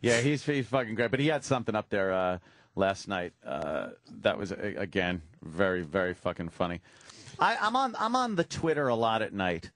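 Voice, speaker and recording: A man's voice: fairly low pitch, expressive, normal speed, fairly bright tone, no echo. A man hosting a radio show, chatting casually in a profane, rambling, self-mocking way.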